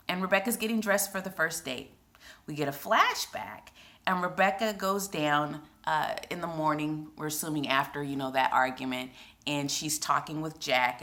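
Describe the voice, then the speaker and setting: A woman casually chatting through a TV episode recap, retelling scenes in an emotional, animated way with lots of fillers. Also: low-pitched, normal speed. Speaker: TV recap vlogger.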